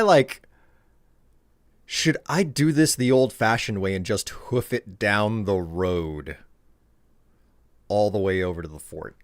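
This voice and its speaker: A man's voice: medium pitch, dry recording, clean studio sound. A man chatting casually to his live-stream chat while he plays, rambling and joking. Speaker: game streamer.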